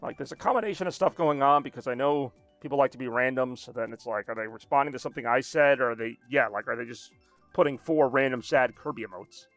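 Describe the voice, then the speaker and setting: A man's voice: mid-range voice, quick pace, a bit bright, dry recording, faint music behind. A young man streaming a racing game, chatting loosely, joking and reacting to comments from his chat. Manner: rambling, jokey, reacting to chat.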